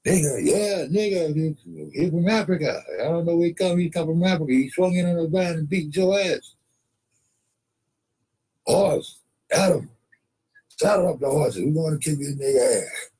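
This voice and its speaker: Man doing a squeaky excitable cowboy. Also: moderate pace, long pauses, husky, poor audio. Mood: agitated.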